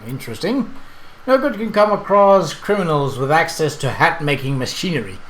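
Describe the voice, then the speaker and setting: A man casually commenting on his gameplay and reading the game's text aloud, chatty and quick to correct himself. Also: a little high, expressive, fairly bright tone. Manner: chatty, self-correcting, laughs at the game. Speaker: let's play host.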